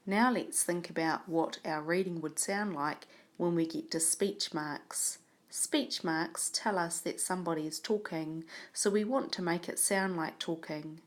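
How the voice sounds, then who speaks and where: A woman teaching a reading lesson, speaking clearly and patiently as she models reading a story aloud. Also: on the low side, a little slow. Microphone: tablet microphone.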